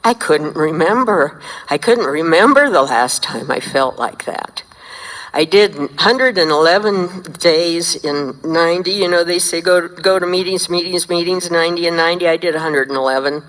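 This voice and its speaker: A woman's voice: lowish voice, normal speed. Older woman sharing her story in a hall. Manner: lively storyteller, acts out dialogue. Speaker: speaker sharing recovery story. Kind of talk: recovery meeting share. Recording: long hall reverb.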